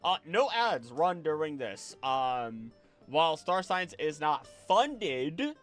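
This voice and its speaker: A man's voice: on the high side, very animated, slow, a bit bright, soft background music. Rambling man running a tabletop game. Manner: rambling, self-correcting, laughs often. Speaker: game master. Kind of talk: casual chat with a live stream audience.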